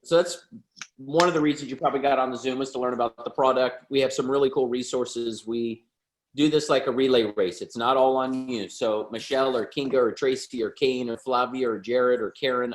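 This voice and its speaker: Chatty guy from the us, joking sales pitch, video call mic. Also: fairly even intonation, fairly quick, reverberant.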